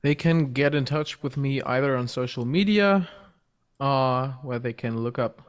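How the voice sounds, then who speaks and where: A man's voice: mid-range voice, measured pace. A male guest on a video call, explaining step by step with many fillers. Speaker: guest voice teacher.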